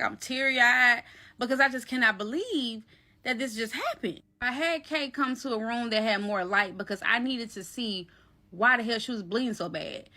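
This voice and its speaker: A woman with a slightly high, crisp and bright voice tells a personal story straight to camera. She is animated and slangy, calling her audience y'all and baby. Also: normal speed. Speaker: storyteller recounting a personal event. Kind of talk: casual storytime vlog.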